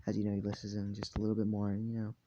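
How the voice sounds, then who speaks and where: A man's voice: fairly low pitch, completely flat delivery, rapid-fire, dark tone, muffled recording, slight background noise. A tired man narrating a fan story in a casual, rambling way, full of fillers and swearing.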